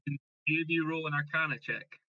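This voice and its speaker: A man's voice: a little high, steady tone, moderate pace, sharp tone, no echo, lo-fi sound. A man narrating as game master of a tabletop role-playing game, telling the story steadily and quoting characters plainly.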